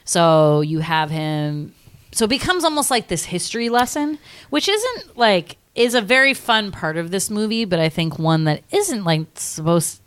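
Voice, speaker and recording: A woman's voice: mid-range voice, very animated, moderate pace, smooth. A young woman co-hosting a podcast, rambling through a film discussion with lots of "like" and casual swearing. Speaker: podcast co-host.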